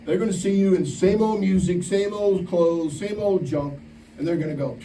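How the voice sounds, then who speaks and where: Preacher, male, higher register, animated storyteller, recorded from far off with a faint ambient hum. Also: moderate pace. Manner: animated storytelling, acts out quoted voices. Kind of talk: camp sermon. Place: large room at a camp meeting. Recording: echoey room, distant mic, faint ambience.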